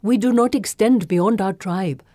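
A woman voicing a calm, earnest young woman of a secluded tribe in an audiobook. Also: mid-range voice, a little slow, dry recording, clean studio sound, close to an everyday voice. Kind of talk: audiobook reading.

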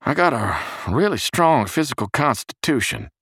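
A man reading a story, voicing a crude, sour young man who talks loud and coarse. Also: medium pitch, sing-song, moderate pace, husky, dry recording, studio quality, voice pushed up, exaggerated voice. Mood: rattled.

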